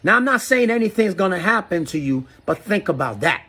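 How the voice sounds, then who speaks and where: Ghanaian man, middle-aged, husky and high-set, profane heated rant at critics. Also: very animated, a little fast, bright, forceful tone. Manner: heated, profane, preachy, mixes in local phrases. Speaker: artist addressing critics. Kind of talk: angry video rant.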